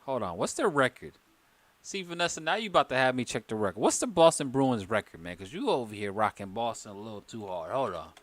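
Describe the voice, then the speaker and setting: A man's voice: medium pitch, expressive, quick pace, fairly bright tone, no echo. A man chatting loosely and joking with his viewers on a livestream, a little tipsy from wine. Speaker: livestream host. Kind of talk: casual live-stream chat.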